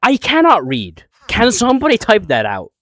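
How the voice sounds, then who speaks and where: Lively young streamer chatting with chat. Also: mid-range voice, normal speed, dry recording. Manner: rambling, swears often, reads and answers chat. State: out of breath. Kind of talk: casual live-stream chat.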